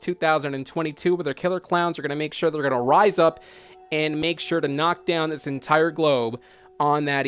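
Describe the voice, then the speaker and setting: Male news announcer, emphatic and urgent, slightly high voice. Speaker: broadcast announcer. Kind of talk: scripted dramatic news report.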